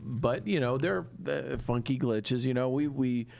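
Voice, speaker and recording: A man's voice: mid-range voice, normal speed, creaky, a little mellow, a little hiss or hum. A man co-hosting a podcast, chatting casually and easily, with frequent fillers and laughs. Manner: easygoing, laughs often, many fillers. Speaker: podcast co-host.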